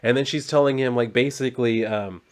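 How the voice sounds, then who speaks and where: A man's voice: medium pitch, brisk. A man casually recapping a comic book story, rambling loosely with lots of fillers and some mild swearing.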